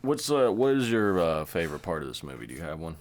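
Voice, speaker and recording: A man's voice: extremely low pitch, big pitch swings, quick pace. A man co-hosting a horror podcast, making dry joking asides and steering the talk with questions. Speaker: podcast co-host. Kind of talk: casual chat.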